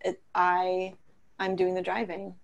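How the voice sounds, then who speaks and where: A woman's voice: lowish voice, completely flat delivery, unhurried, vocal fry, dull audio. A woman guest on a podcast, a coach speaking earnestly and reflectively in casual chat, laughing easily.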